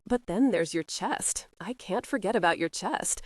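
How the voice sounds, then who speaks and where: A woman's voice: fairly low pitch, animated, normal speed, dry recording. Woman doing a mocking young heiress, playful, lilting, dry close sound. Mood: teasing. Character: spirited teasing young wife, sharp-tongued heiress.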